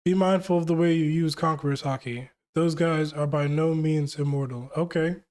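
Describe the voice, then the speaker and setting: A man's voice: fairly high pitch, steady tone, moderate pace, a little mellow. A young man hosting a live manga reaction, reading lines aloud and reacting in hyped, slangy bursts. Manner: hyped, slangy, reads quotes then reacts.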